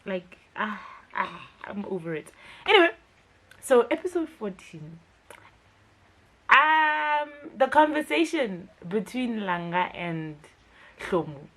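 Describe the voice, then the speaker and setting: A woman's voice: medium pitch, sing-song, takes it slowly, fairly bright tone. A young woman, reviewing a TV series in a casual, chatty commentary vlog. She talks emphatically, with frequent fillers.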